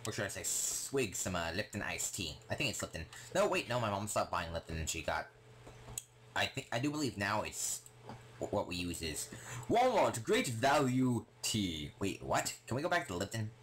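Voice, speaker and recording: Rambling, excitable young man. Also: on the low side, a little fast, slight background noise. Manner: rambling, excitable, full of fillers. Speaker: gaming vlogger. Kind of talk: casual rambling vlog talk.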